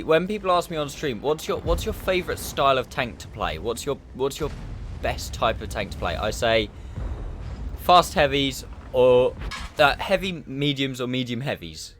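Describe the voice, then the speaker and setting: A man's voice: mid-range voice, a little hiss or hum. Laid-back man commenting gameplay. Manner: relaxed, rambling, frequent restarts and yawns. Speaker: gaming YouTuber.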